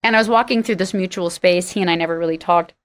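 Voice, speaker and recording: A singer-songwriter appears as an interview guest, telling stories animatedly and laughing often. Her voice is lowish and fast.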